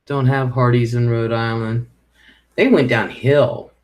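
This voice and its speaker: A middle-aged man speaks at a medium pitch in a steady, unhurried tone. He's hosting a casual live stream, rambling as he reads viewer comments and chats, and he swears when something annoys him.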